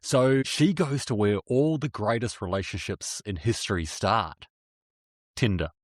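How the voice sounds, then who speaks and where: A man's voice: lowish voice, animated, measured pace. A man, co-hosting a casual podcast and telling the story loosely, laughing often. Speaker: podcast co-host.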